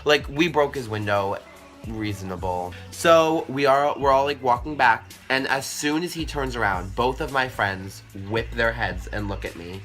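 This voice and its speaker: Bright-voiced young man telling a story. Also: medium pitch, moderate pace, faint music behind. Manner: animated, profane, chatty with many fillers. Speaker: vlogger. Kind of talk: storytime vlog.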